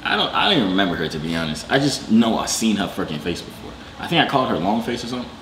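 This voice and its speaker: A man's voice: lowish voice, sing-song, racing, fairly bright tone, slight background noise. Brief: man, casual teasing vlogger, echoey room. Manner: joking, teasing, talks to himself. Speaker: vlogger on a video chat app. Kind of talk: casual video chat commentary.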